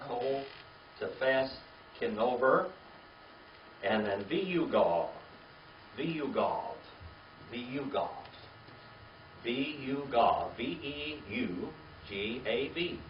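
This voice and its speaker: A man's voice: medium pitch, animated, drawn-out words, pauses often, slight background noise. Man teaching a class in an echoey room. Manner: spells out words letter by letter, asks the class to repeat. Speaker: Bible teacher. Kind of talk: classroom Bible lesson. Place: classroom or church meeting room. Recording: echoey room, distant mic, dull lo-fi.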